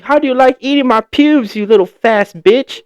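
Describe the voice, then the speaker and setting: A man doing a shrill jeering schoolboy bully. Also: normal speed, clean tone, no room sound, clean studio sound. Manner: mocking, cackling. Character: taunting schoolboy bully, male, cruel.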